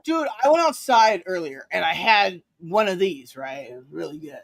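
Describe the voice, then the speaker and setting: A woman's voice: on the low side, lively intonation, normal speed, gravelly. A woman hosting a casual livestream chat. She rambles, swears freely and acts out quoted lines in raised voices. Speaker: stream host.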